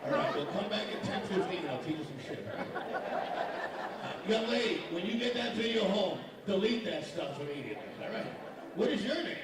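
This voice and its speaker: A man's voice: high-pitched, animated, fairly quick. A man doing profane stand-up comedy, teasing the audience at a breakfast event. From Massachusetts. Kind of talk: stand-up with crowd work. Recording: echoey hall, distant mic, crowd noise.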